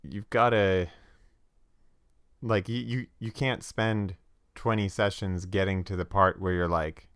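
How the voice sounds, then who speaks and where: Man podcast host, casual game chat, rambling, lots of filler, low voice, dry close sound. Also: steady tone, measured pace, fairly bright tone, clear, resonant tone, no echo. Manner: rambling, frequent restarts and filler. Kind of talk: casual chat about tabletop games.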